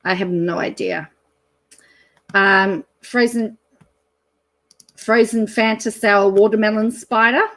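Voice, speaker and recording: A woman's voice: mid-range voice, slow, long pauses. Chatty Australian woman reading a menu. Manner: chatty, rambling, lots of ums, bursts of excited laughter. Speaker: channel host. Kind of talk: casual chat reading a menu aloud.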